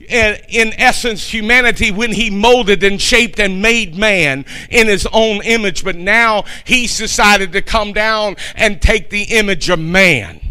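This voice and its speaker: A man with a high, bright voice preaching a sermon. He delivers it with fervor, swelling to shouts at the big points and repeating lines for emphasis. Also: smooth, poor audio. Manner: fervent preaching, rising to shouts. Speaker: pastor.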